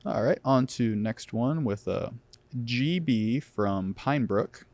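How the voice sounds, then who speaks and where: A man's voice: mid-range voice, animated, slow, darkish tone, no room sound. A man from Louisiana co-hosting a sports radio show, reading listener questions and keeping things easygoing, with frequent laughs. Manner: easygoing, laughs often, says "I mean". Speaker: co-host and moderator. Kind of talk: casual sports talk show chat.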